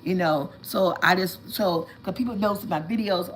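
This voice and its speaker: A woman chatting casually with viewers on a livestream, telling animated stories and calling them y'all. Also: medium pitch, normal speed, few pauses, slight background noise, poor audio. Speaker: vlog host.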